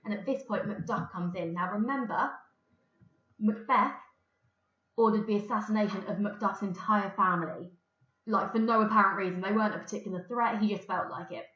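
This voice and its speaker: A woman's voice: medium pitch, a little fast, sharp tone. English lady teacher explaining a play, echoey room, kinda dull lo-fi sound. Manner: explains and reads quotations plainly. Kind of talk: recorded remote lesson.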